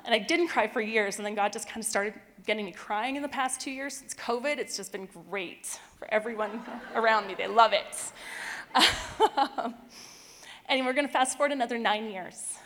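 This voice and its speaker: A middle-aged woman with a somewhat high voice tells a personal faith story to a church audience. She gets emotional and laughs easily. Her voice rings out with long reverb in a large hall. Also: fairly bright tone. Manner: emotional, tearful at moments, laughs often. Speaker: church speaker sharing testimony. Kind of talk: personal testimony talk.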